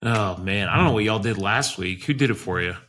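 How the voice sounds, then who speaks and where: A man with a low but bright, forceful voice bantering on a podcast. His manner is laid-back and a little sheepish. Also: a little fast, slight background noise. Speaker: podcast co-host. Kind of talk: casual chat.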